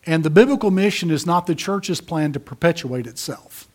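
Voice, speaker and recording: A man preaching a sermon, emphatic, rising to loud peaks and dropping to soft asides. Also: on the high side, lively intonation, normal speed. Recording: audio of a church sermon.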